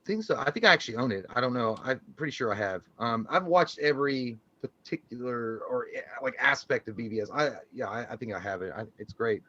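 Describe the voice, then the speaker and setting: A man's voice: mid-range voice, lively intonation, fairly quick, few pauses, bright, forceful tone, dry recording, muffled recording. A man co-hosting a casual live stream and reading out chat, profane and rambling, laughing often.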